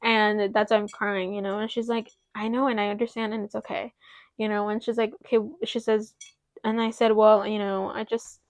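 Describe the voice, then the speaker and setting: A young woman co-hosting a podcast, telling a personal story in an animated way and close to tears. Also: mid-range voice, normal speed, no echo. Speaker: podcast co-host. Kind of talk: casual chat.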